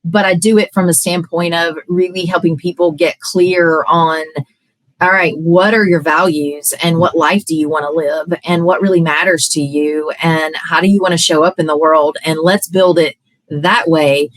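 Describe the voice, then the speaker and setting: A woman's voice: lowish voice, steady tone, normal speed, no echo, poor audio. A woman coach in a podcast conversation, earnest and talking in long, flowing run-on sentences.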